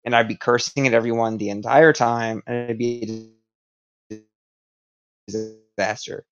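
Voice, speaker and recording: A man's voice: mid-range voice, level tone, a little slow, soft background music. A man in a casual podcast chat who rants heatedly and swears constantly. His voice sits in a middling range. The audio is dull and lo-fi. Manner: profane, heated ranting. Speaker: podcast co-host.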